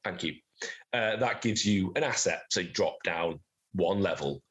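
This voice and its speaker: A man acting as game master, explaining the rules of a tabletop game in a relaxed, chatty way. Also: low voice, normal speed. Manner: relaxed, explanatory, chuckles at own jokes.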